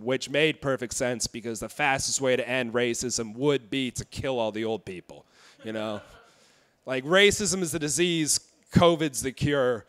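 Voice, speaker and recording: A young man doing stand-up on a club stage, his voice clear and smooth through a handheld mic. He sits at a middling pitch and delivers shocking jokes deadpan, stumbling over small fillers between bits. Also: moderate pace. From Indiana. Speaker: stand-up comedian. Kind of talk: stand-up set.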